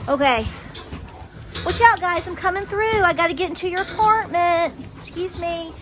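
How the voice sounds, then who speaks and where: High-voiced homestead woman. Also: normal speed, noisy background. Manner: chatty, cheerful, talks to her animals. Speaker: homestead vlogger host. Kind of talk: casual vlog chat. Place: in a barn. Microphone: camera held by a helper.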